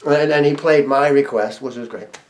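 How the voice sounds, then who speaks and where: A man's voice: medium pitch, moderate pace. A man casually telling a personal story, laughing often and restarting his sentences. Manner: chatty, laughs often, frequent restarts and fillers. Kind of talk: casual anecdote.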